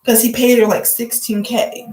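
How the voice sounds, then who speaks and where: A woman's voice: a little high, little pitch movement, moderate pace, a little mellow, echoey room, a little hiss or hum, rough recording. A woman vlogger giving casual gossip commentary, blunt, profane and joking, full of "like" fillers.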